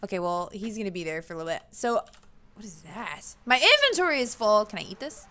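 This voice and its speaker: Excitable, giggly young woman gamer. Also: mid-range voice, fast. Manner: excitable, squeals and giggles often. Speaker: gaming channel host. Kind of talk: casual let's-play commentary.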